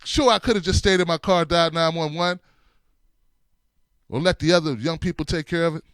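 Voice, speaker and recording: Middle-aged male host, comic storyteller, high smooth voice, dead-dry room. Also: brisk, no room sound. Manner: animated, laughs through his story, shifts between loud and hushed. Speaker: show host.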